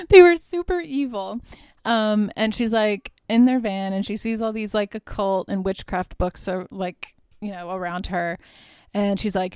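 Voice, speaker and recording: A woman's voice: medium pitch, a little slow, darkish tone, clean tone, no echo. A woman hosting a podcast, recapping a movie in a chatty, irreverent way and swearing freely. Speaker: podcast host. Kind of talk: casual solo movie recap.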